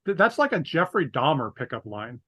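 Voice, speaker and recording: A man co-hosting a movie podcast talks in loose, rambling chat, full of fillers and crude jokes. His voice sits slightly high for a man. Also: big pitch swings, a little fast, fairly bright tone. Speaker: podcast co-host.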